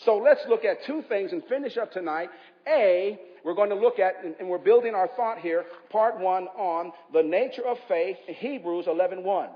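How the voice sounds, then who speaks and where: A man's voice: high-pitched, normal speed, long reverb tail, lo-fi sound. A man with an East Coast American accent preaching a sermon in a church, urging the congregation to respond aloud. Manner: impassioned preaching with call-and-response. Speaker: pastor.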